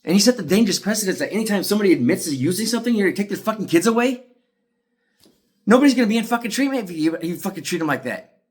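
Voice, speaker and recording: A frustrated man from ranting to camera in a heated, profane monologue, swinging between shouting and tired muttering. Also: high-pitched, lively intonation, racing. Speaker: parent speaking out about a custody case. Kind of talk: angry ranting video monologue.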